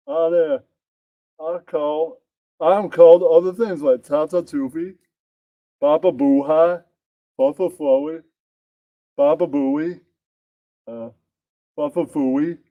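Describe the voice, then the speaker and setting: A man's voice: fairly high pitch, phone-quality sound. A man hosting a comedy bit, narrating in an offhand, joking way.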